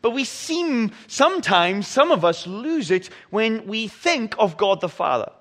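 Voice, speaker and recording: Slow, lively-voiced preacher. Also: male voice, sits high, in a large hall. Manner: earnest, deliberate, swings between emphatic and hushed. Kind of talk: sermon with scripture reading.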